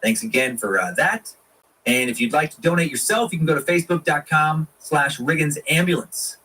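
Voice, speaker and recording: Male podcast host, irreverent, swearing, husky voice, recorded a bit distant. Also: fairly high pitch, animated, moderate pace, pushed and bright. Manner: irreverent, profane, jokey asides. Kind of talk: casual history podcast narration.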